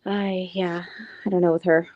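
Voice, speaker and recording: A woman's voice: on the low side, level tone, moderate pace, muffled recording. A woman guest on a casual true-crime chat, agreeing readily and laughing easily.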